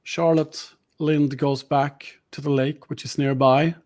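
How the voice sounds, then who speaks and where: A man's voice: a little high, little pitch movement, measured pace, darkish tone. A man narrating a tabletop game as game master, with hesitant fillers.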